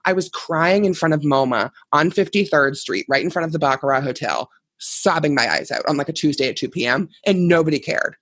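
A woman hosting a fashion podcast rattles along quickly with a husky, slightly rough voice. The sound is dry and close, with no room around it. She is effusive and swears casually. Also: low voice, animated, fairly bright tone, no echo. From Boston. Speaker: podcast host.

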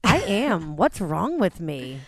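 A woman co-hosting a casual remote chat, talking in fast animated bursts with frequent laughter and swearing. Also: on the low side, dry recording, clean studio sound. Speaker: podcast co-host. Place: at home, connected remotely.

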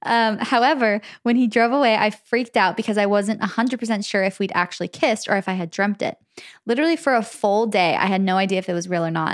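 A woman's voice: medium pitch, dry recording, clean studio sound. Chatty young woman co-hosting a podcast. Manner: chatty, laughs often, animated storytelling. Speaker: podcast co-host. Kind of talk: casual chat, reading a listener letter.

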